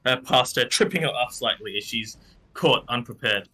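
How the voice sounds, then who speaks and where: Bright-voiced male game master. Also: medium pitch, moderate pace. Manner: loose and conversational, with many fillers. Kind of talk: narrating a tabletop game.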